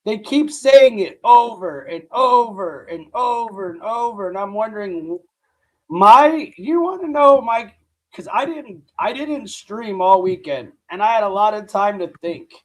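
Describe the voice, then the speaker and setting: A hoarse man hosting a live reaction stream, rambling in casual commentary and calling his viewers "dude". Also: high-pitched, expressive, measured pace, rough recording. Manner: rambling, repeats himself, says "dude" often. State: hoarse, voice nearly gone.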